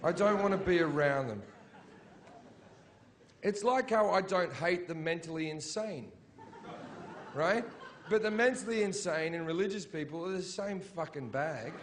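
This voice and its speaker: Profane, sarcastic stand-up comedian, higher-pitched. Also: male voice, unhurried, long pauses, a little hiss or hum. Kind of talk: live stand-up routine. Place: live stage show in Britain.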